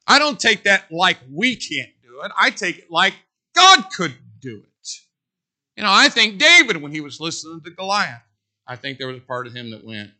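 Bright-voiced, emphatic preacher. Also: male voice, sits high, big pitch swings, moderate pace. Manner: folksy preaching that builds to loud, emphatic peaks. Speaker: pastor. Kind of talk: sermon.

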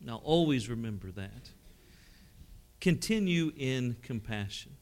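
A middle-aged man preaches unhurriedly in a mid-range voice with lively intonation. Drawing on personal stories, he swings from loud exclamations to hushed, emotional tones.

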